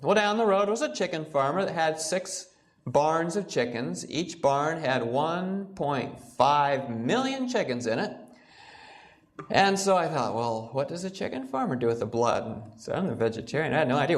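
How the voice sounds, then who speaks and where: Animated male doctor lecturing. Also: fairly high pitch, normal speed. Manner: animated, acts out patients' quotes. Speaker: physician giving a health lecture. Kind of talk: storytelling health lecture.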